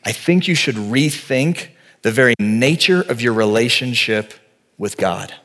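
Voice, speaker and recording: A man in his forties preaches a sermon with a voice of ordinary, middle pitch. He talks to the congregation in a relaxed, earnest way. He moves easily between teaching and vivid personal storytelling. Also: unhurried. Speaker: pastor.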